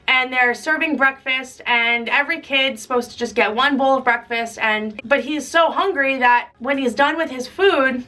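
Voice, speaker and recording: Young woman, vlogger, chatty, high bright voice, mic a bit far. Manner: chatty, uses "like" a lot, laughs. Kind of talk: casual chat.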